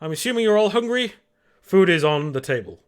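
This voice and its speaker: A man putting on a polite cyborg steward, pitched high. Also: expressive, a little fast, clean tone. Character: cyborg male steward with robot arms and jaw.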